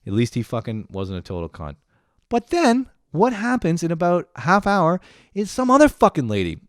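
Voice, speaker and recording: A man's voice: a little high, wildly swooping pitch, moderate pace, no room sound, clean studio sound. A young man in a profane comedic rant, swearing constantly and sounding exasperated as he complains. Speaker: comedic vlogger.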